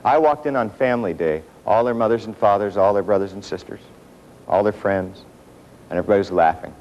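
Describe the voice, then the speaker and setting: A man giving a motivational workshop talk to an audience in a room, telling stories with self-mocking humor and dramatic pauses. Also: lowish voice, dull audio, a little hiss or hum. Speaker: motivational speaker.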